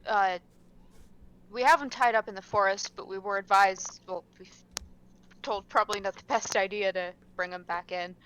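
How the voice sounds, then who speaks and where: A woman at a tabletop game speaks for her character in a casual, halting way, full of "like" and "um". Her voice sits mid-range over a faint hiss. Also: mid-range voice, fairly even intonation, a bit bright, low-quality recording. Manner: casual, halting, says "like" a lot. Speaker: player.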